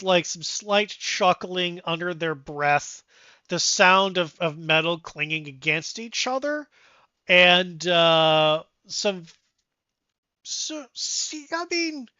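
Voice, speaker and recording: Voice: medium pitch, sharp tone, no room sound, lo-fi sound. A game master narrating a tabletop game in a casual, loose way.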